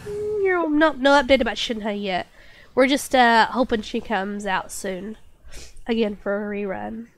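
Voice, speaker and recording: A woman's voice: fairly high pitch, measured pace. A woman game streamer chatting casually and reading chat aloud, still getting over a cold with a slight cough and stuffy nose.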